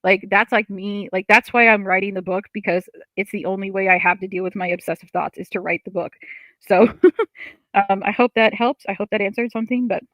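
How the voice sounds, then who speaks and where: A woman's voice: mid-range voice, fairly even intonation, brisk, a bit bright, no room sound, rough recording. A woman hosting a casual livestream from her seat at home, reading viewer comments aloud and answering them in a chatty, open way with lots of fillers. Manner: chatty and open, many fillers, laughs often. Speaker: livestream host. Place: at home, seated.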